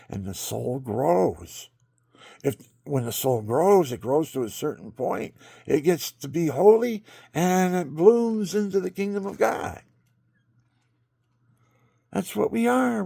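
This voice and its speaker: Man, low gravelly voice, dry close sound, rambling talker who gets preachy. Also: no room sound. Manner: rambling, swings into excited preaching. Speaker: video maker. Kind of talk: rambling monologue.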